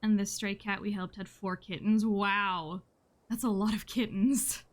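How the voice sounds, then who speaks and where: A woman's voice: mid-range voice, steady tone, measured pace. Chatty woman streaming a story game. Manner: chatty, talks to chat while reading game text. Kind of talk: casual let's-play commentary.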